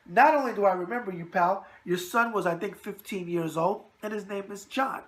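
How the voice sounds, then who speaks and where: This boxing web show host, a New Yorker, talks in a high-pitched voice at normal speed with few pauses. His casual video mailbag chatter is brash, full of wisecracks and stuffed with catchphrases.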